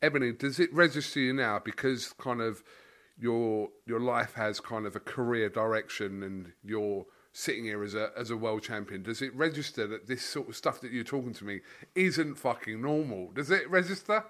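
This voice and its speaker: A man hosting a podcast interview, relaxed and asking probing questions. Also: mid-range voice, moderate pace. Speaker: podcast host. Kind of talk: casual interview.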